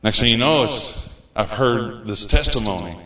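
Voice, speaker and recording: A man's voice: fairly low pitch, lively intonation, moderate pace, sharp tone. A man preaching a sermon as pastor, a folksy storyteller who acts out his own past words. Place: church sanctuary. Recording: echoey church hall.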